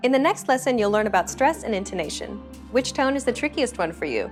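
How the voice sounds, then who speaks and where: A woman's voice: a little high, big pitch swings, quick pace, soft background music. Woman narrating a pronunciation lesson. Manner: clear, explanatory. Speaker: language teacher. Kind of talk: scripted instructional narration.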